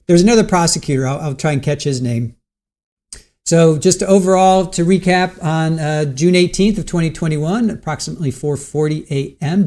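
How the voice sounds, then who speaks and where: A man's voice: a little high, dark tone. A man hosting a casual livestream about a court trial, greeting chat viewers by name and recapping the case with many ums and restarts. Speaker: livestream host covering a trial.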